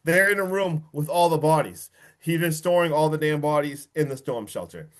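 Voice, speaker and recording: Excitable man recapping a horror film. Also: a little high, moderate pace. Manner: excitable, swears, acts out quotes from the film. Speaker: podcast host.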